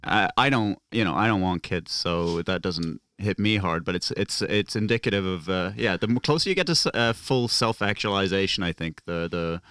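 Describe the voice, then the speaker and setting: A man's voice: low-pitched, moderate pace, hardly any pauses, a bit bright, clean tone, dry recording, studio quality. A man from Norway, a stand-up comic guesting on a podcast, talking in a laid-back, wry way. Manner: laid-back, wry, laughing at his own jokes. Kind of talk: casual conversation.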